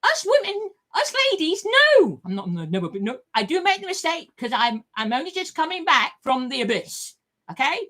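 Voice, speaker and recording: An older woman talks straight to camera, her voice pitched high and swooping all over the place. She rambles on with force, swears freely and circles back over her own words. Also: very animated, moderate pace, fairly bright tone. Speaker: vlogger.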